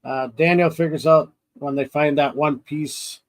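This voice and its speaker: A man's voice: fairly high pitch, fairly even intonation, measured pace, low-quality recording. A man co-hosting a podcast in casual chat, rambling through scenes, acting out his own reactions and laughing often. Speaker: podcast co-host.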